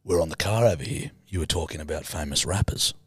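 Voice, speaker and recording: A man's voice: rumbling low, quick pace, fairly bright tone, breathy edge, dry recording. A man co-hosting a comedy podcast, teasing and mock-grumpy as he judges. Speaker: podcast co-host. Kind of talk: casual podcast banter.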